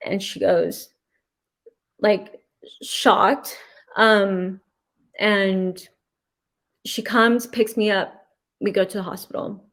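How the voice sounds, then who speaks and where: Woman recounting a painful ordeal, halting. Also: medium pitch, steady tone, a bit bright. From California. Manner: emotional, halting, with many restarts. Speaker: interview guest. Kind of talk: personal testimony in an interview.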